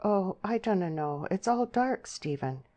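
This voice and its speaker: A shy young country girl in a spoken storybook, plaintive and hesitant, lifting her words higher in rustic dialect speech. A woman reader puts her on. The tone stays soft and pleading. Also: animated, a little slow, lightly acted.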